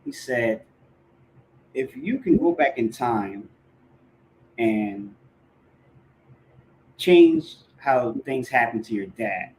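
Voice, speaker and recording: A man's voice: medium pitch, animated, drawn-out words, long pauses, darkish tone, low-quality recording. A man hosting a podcast in casual conversation, talking earnestly and emphatically, repeating phrases for stress. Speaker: podcast host.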